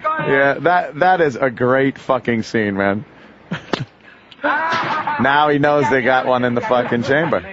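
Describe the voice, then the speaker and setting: Give me an excited, profane man riffing on movies. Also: mid-range voice, slow, long pauses, dull audio, crowd noise. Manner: profane, excited, laughing while acting out scenes. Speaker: radio show guest. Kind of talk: casual movie commentary on talk radio.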